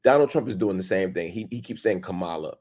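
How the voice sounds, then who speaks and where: Fast and lively in intonation, with a slightly mellow voice, the commentary host presses his argument emphatically. Rhetorical questions, casual slang, and sudden pitch jumps for stress mark his delivery.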